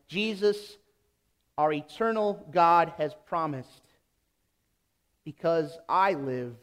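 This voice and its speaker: High-voiced pastor preaching slowly. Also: male voice. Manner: emphatic, deliberate preaching with repeated phrases. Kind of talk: sermon.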